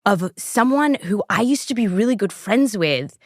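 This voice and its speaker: Chatty and animated, an Australian woman hosts a podcast and tells a story at normal speed, full of likes and ums. Her voice is medium-pitched, and the clean studio sound has no room ambience.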